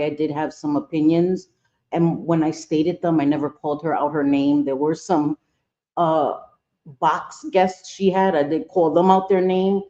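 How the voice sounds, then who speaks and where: Low, mellow woman hosting a livestream. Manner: warm greetings, apologetic, halting with fillers. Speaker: live-stream host. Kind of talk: casual live-stream chat. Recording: dull lo-fi stream audio.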